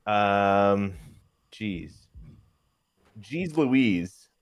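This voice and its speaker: Very low-voiced man rambling through game choices. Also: very slow, clear, resonant tone. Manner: rambling, hesitant, animated. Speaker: player. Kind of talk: casual gaming commentary.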